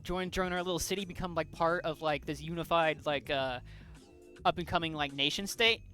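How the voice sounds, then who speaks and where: A man's voice: on the high side, fairly even intonation, normal speed, sharp tone, smooth, soft background music. A man voicing a falsely courteous male invader leader with fire powers, in a casual retelling. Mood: smooth polite.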